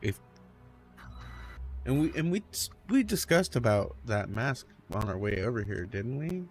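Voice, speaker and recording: A relaxed man playing a tabletop game, speaking slowly at a middle pitch. Faint music runs behind him. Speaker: player. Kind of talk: casual tabletop role-play.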